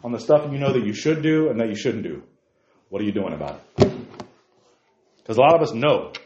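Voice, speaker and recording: A man's voice: mid-range voice, expressive, fairly quick, muffled recording, very noisy. Man preaching with fervor in an echoey room. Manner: exhorting, repeats "hey guys", rising emphatic peaks. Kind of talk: sermon.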